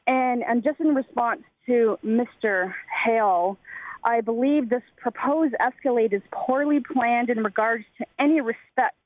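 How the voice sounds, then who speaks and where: A woman's voice: a little high, measured pace, no echo. A woman from the Navajo Nation in Arizona, a river guide calling in to a radio show, speaking earnestly and stressing her key words. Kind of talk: call-in radio comment. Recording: tinny phone line, dry.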